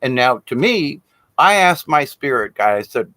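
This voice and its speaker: Animated, blunt-talking male spiritual teacher. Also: mid-range voice, a little slow, no room sound. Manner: frank and blunt, swears casually, folksy. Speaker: shaman teacher. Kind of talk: informal spiritual teaching monologue.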